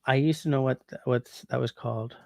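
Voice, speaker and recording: Gravelly man chatting on a livestream. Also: medium pitch, fairly even intonation, fairly quick, no echo. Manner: muses aloud, trying out French translations. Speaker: livestream host. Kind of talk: casual livestream chat reading comments.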